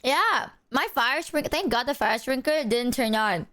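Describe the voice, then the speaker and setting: A woman livestreamer telling a story to her chat, animated and swearing, acting out the voices of people she quotes. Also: high voice, measured pace, dry recording.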